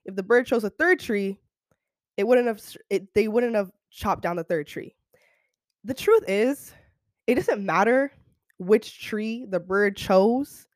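Young woman host, solo podcast, chatty and slangy, mid pitch, dry close sound. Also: a little slow, dry recording. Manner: animated, slangy, keeps checking in with "okay?". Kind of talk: casual solo podcast chat.

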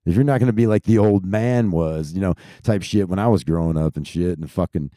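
Low, dark-voiced man ranting profanely. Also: brisk, no echo, clean studio sound. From Texas. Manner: profane rambling rant. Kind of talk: casual rant.

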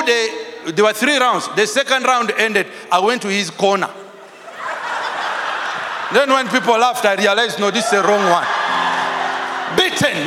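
A man preaching as a pastor, telling stories and acting out the dialogue, shouting for emphasis. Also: high-pitched. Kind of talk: preaching with storytelling. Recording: large hall with reverb, faint music.

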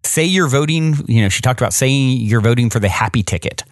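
A man's voice: medium pitch, animated, brisk, no room sound, clean studio sound. A man hosting a podcast, commenting casually and thinking aloud with lots of fillers. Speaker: podcast host.

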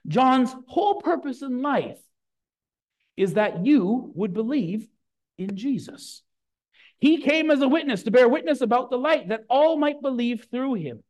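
A man preaching a sermon, emphatic and lively, with casual asides to his congregation. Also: extremely high pitch. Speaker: pastor.

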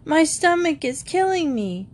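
A woman's voice: high-pitched, sing-song, measured pace, pitched above the performer's own voice. A woman voicing an eight-year-old boy who groans melodramatically to fake being sick. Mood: groaning.

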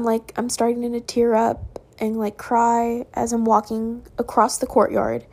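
A woman's voice: fairly high pitch, creaky, a little mellow, breathy edge. A young woman telling a personal story in a casual, rambling way at home, full of "like" and "um".

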